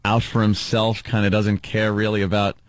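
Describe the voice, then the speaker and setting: A man's voice: fairly low pitch, monotone, normal speed, dry recording. A man hosting a casual chat, talking in a rambling, hesitant way with many fillers. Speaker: host.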